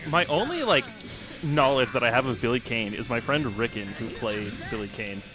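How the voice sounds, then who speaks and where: A man's voice: mid-range voice, animated, moderate pace, music in the background. A man chatting on a casual podcast, rambling through lots of fillers and swearing.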